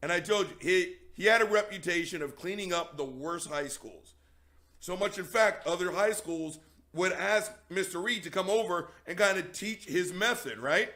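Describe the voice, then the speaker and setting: A man's voice: high voice, normal speed, bright, forceful tone. A man telling an emphatic, profane story to an audience he calls "gang".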